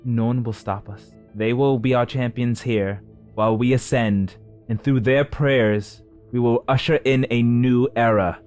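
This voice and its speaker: A man voicing a commanding woman who leads a council, proclaiming in a raised, forceful voice. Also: medium pitch, fairly even intonation, measured pace, faint music behind, voice pushed up, natural voice. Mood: rallying. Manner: proclaiming, rallying a crowd.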